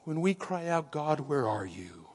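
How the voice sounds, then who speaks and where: A male pastor delivering a Christmas-season sermon at an unhurried pace, his voice sitting a little higher than most men's. He swells for emphasis, then sinks to hushed, whispered lines. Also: big pitch swings, breathy edge. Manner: slow, dramatic preaching with hushed whispered moments.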